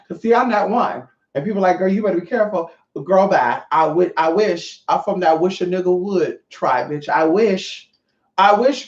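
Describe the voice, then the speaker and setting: A Californian host ranting on a livestream, swearing freely and chatting straight to viewers. The voice sits in a middle register and echoes around the room. The sound is dull and lo-fi. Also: mid-range voice. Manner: profane, animated, chatty with viewers. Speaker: livestream host running online classes. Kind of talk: casual livestream rant.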